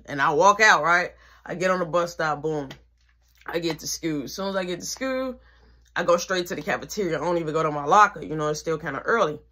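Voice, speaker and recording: A teenage woman telling a casual storytime, slangy and animated, with whispered asides. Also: low-pitched, brisk.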